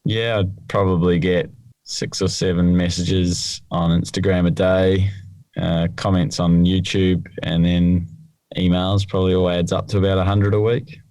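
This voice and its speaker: A man's voice: low voice, flat delivery, measured pace, darkish tone, no echo. A man co-hosting a podcast, explaining rules plainly in casual chat. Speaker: podcast co-host, rules expert.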